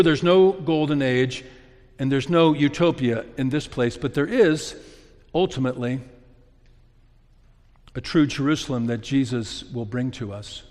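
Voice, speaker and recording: A man preaching a sermon as pastor, earnest, building to emphatic peaks and falling back to soft, low passages. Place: church sanctuary. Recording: long reverb of a large hall.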